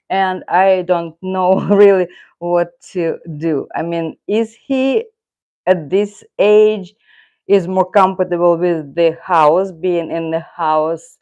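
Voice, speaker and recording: On a live stream, a middle-aged woman with a Russian accent and a lowish, warm voice chats and rambles, turning to her cat and to viewers. Her loose clip-on mic gives the audio a lo-fi quality.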